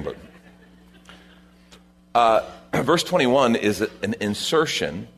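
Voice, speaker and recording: Low husky guy preaching, chatty, talks right to the crowd with little asides. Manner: conversational preaching with asides to the congregation. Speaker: pastor. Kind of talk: sermon.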